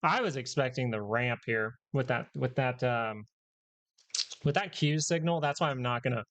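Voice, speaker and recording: Gravelly male stream host, rambling and self-correcting, joking with chat. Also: mid-range voice, moderate pace, a bit bright. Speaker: stock market live stream host. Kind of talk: casual live market commentary.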